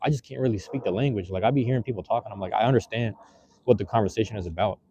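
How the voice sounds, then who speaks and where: Fast-talking man streaming from his phone. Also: fairly low pitch, warm tone, highs cut off, a little hiss or hum. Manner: loose slangy rambling, many fillers and restarts. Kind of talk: casual live-stream chat. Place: outdoors on the street. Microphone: handheld phone.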